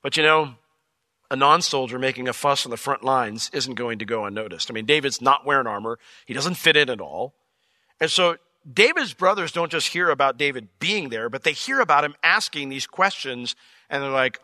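A man preaching a verse-by-verse sermon as pastor, acting out the characters' lines in an animated way. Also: fairly high pitch, normal speed, dry recording. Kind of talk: expository sermon.

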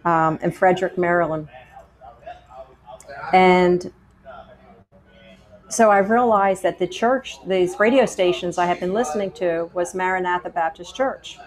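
A woman's voice: on the low side, unhurried, pauses often. Chatty middle-aged woman telling her story. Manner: chatty, animated retelling with quoted dialogue. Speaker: guest sharing her testimony. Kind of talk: conversational storytelling.

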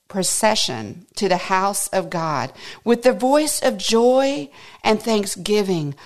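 A woman's voice: mid-range voice, creaky. A woman hosting a devotional podcast, teaching through a psalm in an earnest, conversational way and asking listeners direct questions. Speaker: podcast host teaching scripture.

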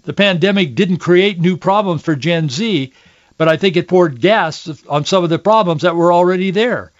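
A man's voice: high-pitched, normal speed, dull audio. An older man hosting a faith and politics talk show, speaking earnestly and with emotion. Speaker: radio show host.

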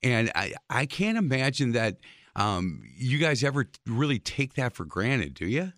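A man hosting an interview, telling a lively story with stammered restarts. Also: medium pitch, a little slow, dry recording, clean studio sound. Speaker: host.

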